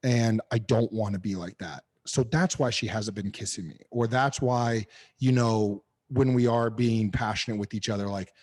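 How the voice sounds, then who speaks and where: A man in his thirties, a podcast guest, telling personal stories in a candid, animated way and swearing freely. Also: lowish voice, moderate pace. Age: 30s. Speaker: podcast guest, knife maker. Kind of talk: casual interview chat.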